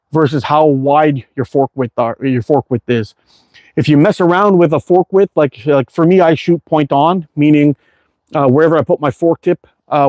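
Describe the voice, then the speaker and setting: A worn-out man chats loosely with his viewers, his voice sitting a bit high for a man. He rambles along with frequent fillers and restarts. The sound is dry and close, with hardly any room around it. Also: darkish tone, no echo. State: tired, worn out. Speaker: livestream host reading viewer chat. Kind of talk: casual live chat while target shooting.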